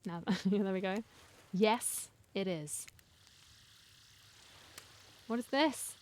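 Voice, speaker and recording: A woman's voice: mid-range voice, slow, a little mellow, a little hiss or hum. A woman streamer reading a dating sim story aloud, with dramatic storytelling and wry asides. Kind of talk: reading game text aloud with commentary.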